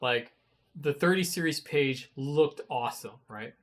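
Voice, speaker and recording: Man, casual studio chat, slightly high voice, lively storytelling, swears while reliving his anger. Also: a little slow. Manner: animated storyteller, swears, acts out his own angry outbursts. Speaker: guest, web designer.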